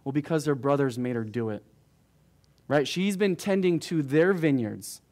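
A man's voice: medium pitch, animated, normal speed, a little mellow. A man teaching verse by verse through a book of the Bible to his congregation, talking casually and checking in with frequent asides to the room. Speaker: pastor. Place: church.

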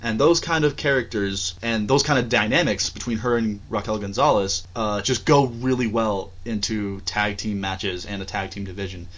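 Measured man on a dull lo-fi mic. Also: on the low side, fairly bright tone. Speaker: podcast co-host. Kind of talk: casual wrestling chat.

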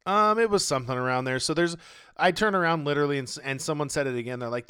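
Swearing man telling a story, animated. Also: fairly high pitch, quick pace, clear, resonant tone. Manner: animated, swears freely, acts out other people's lines. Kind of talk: casual storytelling chat.

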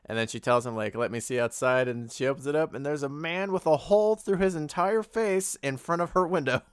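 A man casually talking through a movie's plot, animated and quoting the characters as he retells scenes. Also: on the high side, brisk, clear, resonant tone, dry recording, studio quality. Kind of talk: casual movie review chat.

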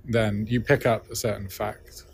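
Lower-voiced man explaining with examples. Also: little pitch movement, unhurried, a little hiss or hum. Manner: explains with examples, often checking in with "right?". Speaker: linguist being interviewed. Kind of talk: casual explanatory interview answer. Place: busy conference venue.

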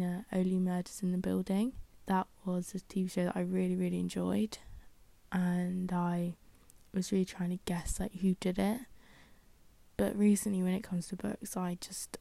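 A young woman rambles through a casual solo podcast, full of fillers and self-deprecating asides. Her voice is low with a gravelly fry. The sound is dry and mellow, with no room around it. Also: no room sound. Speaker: podcast host.

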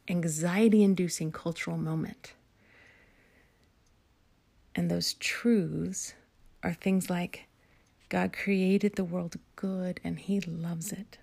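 Lowish woman's voice, a bit of vocal fry, reflective devotional talk, soft and hesitant, slips into near-whispers. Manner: reflective, soft-spoken, with hesitant fillers and self-corrections; drops to near-whispers at times. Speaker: speaker giving a devotional talk.

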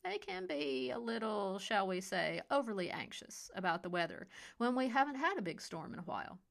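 A woman's voice: medium pitch, big pitch swings, normal speed, vocal fry. Woman doing an icy smug male boss. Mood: cool. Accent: Californian. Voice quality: icy, detached. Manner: smug, menacing, mocking. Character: cold scheming male resort boss. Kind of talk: audiobook character voice.

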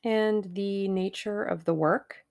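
A woman playing a sharp wary young heroine. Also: mid-range voice, steady tone, slow pace. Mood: wary, firm. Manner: wary and direct.

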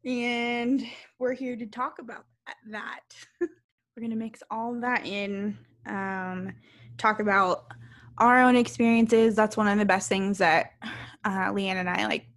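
A woman in her thirties co-hosting a podcast, telling a story in casual chat, animated and laughing, swearing freely. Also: mid-range voice, slow pace. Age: 30s. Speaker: podcast co-host.

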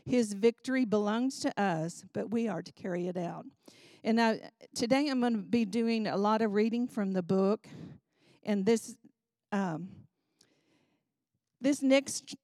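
A woman leading a Bible study, reading aloud from a book and teaching in an earnest, expressive way. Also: medium pitch, no room sound, studio quality.

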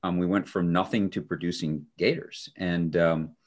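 A man co-hosting a podcast, telling a story in a relaxed way with dry, sarcastic humor and lots of fillers. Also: low-pitched, normal speed. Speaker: podcast co-host. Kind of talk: casual conversational storytelling.

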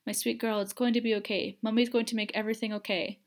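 A woman doing a gentle, worried mother. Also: on the high side, flat delivery, fast, close to an everyday voice. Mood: pleading. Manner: gentle, cooing, pleading. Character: tender, worried mother soothing her daughter.

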